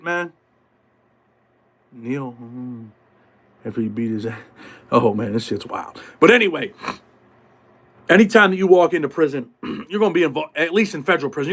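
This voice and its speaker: A man with a high-pitched voice talks casually on his live stream. His speech is streetwise and full of swearing. He acts out the voices of people from prison life as he goes. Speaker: podcast host.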